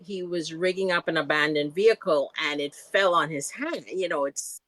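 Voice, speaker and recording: A woman's voice: deep voice, moderate pace, fairly bright tone, no echo. A woman co-hosting a podcast, recapping a TV episode in chatty, casual talk full of asides. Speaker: podcast co-host. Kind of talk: casual rewatch chat.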